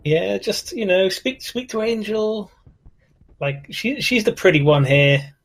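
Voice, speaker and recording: A player in a tabletop role-playing game who talks in a halting, coaxing way with many fillers. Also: medium pitch, expressive. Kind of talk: in-character tabletop play.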